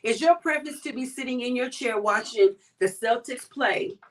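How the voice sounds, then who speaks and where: Co-host: woman, high voice, a bit far from the mic, teasing and lively. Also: moderate pace. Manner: lively, teasing, talks to the audience. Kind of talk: casual chat reading comments.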